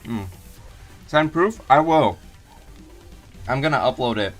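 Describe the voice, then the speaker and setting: A man at a middle pitch chats loosely through his game stream, trailing off and answering chat as it comes in. Soft game music plays faintly underneath his voice. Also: lively intonation, slow. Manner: rambling, unsure, reads chat aloud. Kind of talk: casual live-stream chat.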